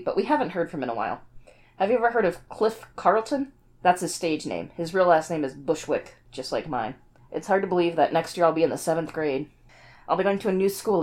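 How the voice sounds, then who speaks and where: A woman's voice: lowish voice, a little mellow, natural voice. A woman reading as an earnest preteen girl. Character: earnest preteen girl writing to her cousin. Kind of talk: comic book reading.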